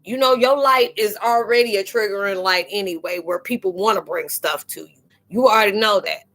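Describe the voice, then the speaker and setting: Woman spiritual host, casual live chat, animated and slangy, mid-pitched, laughs easily. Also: brisk. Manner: chatty and animated, laughing and acting out quoted exchanges; slangy, informal phrasing.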